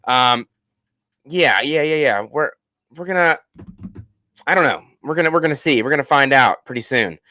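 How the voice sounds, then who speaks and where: A man hosting a casual live stream, reading out viewer comments in an animated and jokey way, with many fillers and restarts. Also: medium pitch, normal speed, long pauses. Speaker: host of a horror movie channel.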